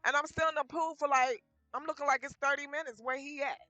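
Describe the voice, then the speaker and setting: A woman's voice: sits high, fast, no room sound. Woman vlogger, chatty storyteller who voices every quoted line, faint music underneath. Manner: lively retelling full of quoted dialogue. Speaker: vlogger telling her life story. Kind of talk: casual personal storytelling.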